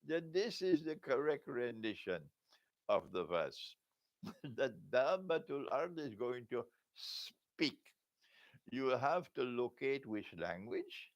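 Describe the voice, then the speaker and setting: Older guy preaching slowly, low gravelly voice, chuckles a lot. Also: lively intonation, no echo. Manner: chuckles often, asks rhetorical questions. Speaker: Islamic scholar giving a Q&A lecture. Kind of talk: religious lecture.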